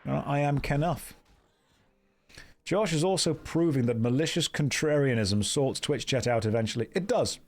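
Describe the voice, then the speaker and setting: A man's voice: fairly high pitch, lively intonation, moderate pace. A young man from the American Midwest streaming a game, reading out chat and answering it in a dry, playful way. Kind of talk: casual live-stream commentary.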